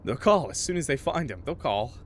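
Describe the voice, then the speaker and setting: A man streams a horror game from his room at home, rambling and joking with his chat between lines of read-aloud narration. He talks at a medium pitch into a desk mic. A faint hiss of background noise sits behind him. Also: big pitch swings, fairly quick. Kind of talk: casual livestream commentary and reading game text. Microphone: desk mic with noise suppression.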